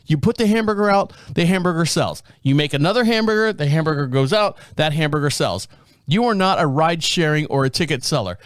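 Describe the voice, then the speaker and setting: Rambling high-voiced podcast host, a man. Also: fairly bright tone, dry recording, clean studio sound. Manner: rambling, stumbles over names and words. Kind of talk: casual news commentary.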